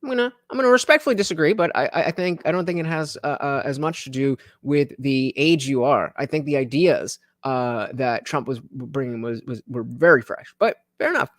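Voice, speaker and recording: A man's voice: medium pitch, a little fast, few pauses, a bit bright, no echo, studio quality. A man hosting a casual political livestream, thinking aloud with many fillers and restarts as he reads chat comments. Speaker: livestream host.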